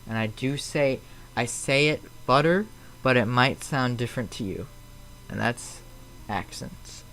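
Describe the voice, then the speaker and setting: A man's voice: medium pitch, unhurried, fairly bright tone, slight background noise, poor audio. A man with a Chicago accent, chatting casually on a live flight-sim stream and answering viewers in a rambling, slightly defensive way. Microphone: streaming mic.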